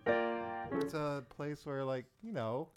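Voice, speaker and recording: Easygoing pianist counting in over loud piano. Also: mid-range voice, takes it slowly. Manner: counts in patiently, teasing and amused. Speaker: pianist accompanying the singer. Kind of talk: casual rehearsal banter. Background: loud piano playing.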